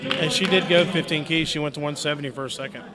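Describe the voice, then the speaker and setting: A man's voice: on the high side, fast talker. A man with a Southern US accent doing chatty, folksy color commentary at a live sports event. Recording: crowd noise at a live event.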